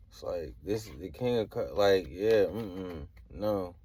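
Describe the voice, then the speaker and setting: A man's voice: low-pitched, measured pace, warm tone. Rambling casual man reading tarot. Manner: rambling and hedging, slangy filler talk. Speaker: tarot reader.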